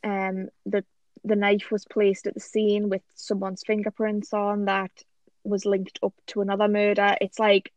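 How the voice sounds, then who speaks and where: A woman's voice: medium pitch, monotone, measured pace, darkish tone, no echo. A woman, co-hosting a podcast and chatting casually, retelling a story with eager restarts. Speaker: podcast co-host. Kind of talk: casual chat.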